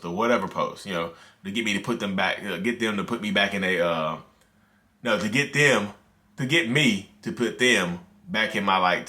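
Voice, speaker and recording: A man, talking casually to camera as a video host, animated and ranting, with many filler words. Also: lowish voice. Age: 30s. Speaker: mental health video host. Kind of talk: casual direct-to-camera talk.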